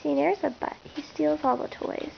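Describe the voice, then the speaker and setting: A young woman with an extremely high voice plays with her puppy at home and talks to it in a teasing, sing-song way while she films on a handheld camera. The sound is dull and a little muffled. A faint hiss sits under it, like an old home video. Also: normal speed, creaky. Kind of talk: casual talk to pets while filming. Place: indoors at home.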